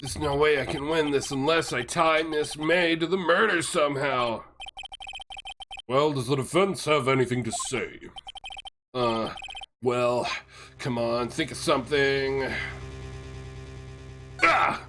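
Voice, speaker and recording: A man's voice: mid-range voice, slow pace, long pauses, pushed and bright, a little hiss or hum. A man hosting a game playthrough, reading the dialogue aloud in silly, ad-libbed voices. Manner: jokey, ad-libbing, switches into silly voices. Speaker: let's play host reading game dialogue. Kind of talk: playful voice-acting of game text. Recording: game music playing under the talk.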